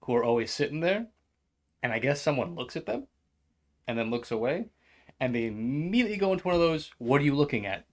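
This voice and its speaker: A man's voice: fairly high pitch, very animated, brisk, long pauses. Ranting, profane male co-host. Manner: profane, ranting anecdotes with acted-out quotes. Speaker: podcast co-host. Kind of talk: casual chat, storytelling.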